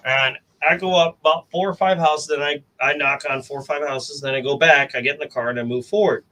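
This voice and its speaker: An American man in casual chat, telling a story in an animated way and acting out the quotes. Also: on the high side, a little fast, low-quality recording. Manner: animated storyteller, acts out quotes, mild cursing dodges. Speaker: coin roll hunting host.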